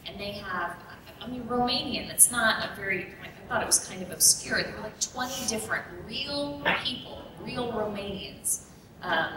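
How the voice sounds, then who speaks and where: A woman's voice: mid-range voice, moderate pace, background noise. A woman voice actress speaking casually on a convention panel, chatty and rambling. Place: large convention room. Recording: echoey hall recording from far off. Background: room ambience.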